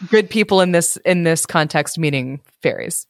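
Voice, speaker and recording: A woman's voice: low voice, normal speed, dry recording, studio quality. A woman co-hosting a podcast who reads an old folk tale aloud, giggling and breaking off for asides. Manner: giggly, adds asides while she reads. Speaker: podcast co-host reading folk tales. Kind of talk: casual chat and reading aloud.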